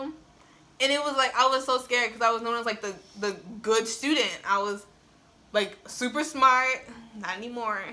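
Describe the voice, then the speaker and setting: A woman's voice: fairly high pitch, normal speed, pushed and bright. A young woman telling a personal story in a casual vlog, chatty and full of "like", laughing often, filmed on a phone on a tripod. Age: young adult. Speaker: vlogger. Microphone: phone camera on tripod.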